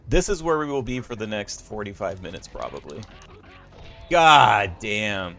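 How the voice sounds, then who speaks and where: Trash-talking man yelling at a fighting game. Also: lowish voice, sing-song, fairly quick, soft background music. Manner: profane trash talk, frequent yelps and laughter. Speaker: streamer playing a fighting game. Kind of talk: live gameplay commentary. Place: small hot office corner.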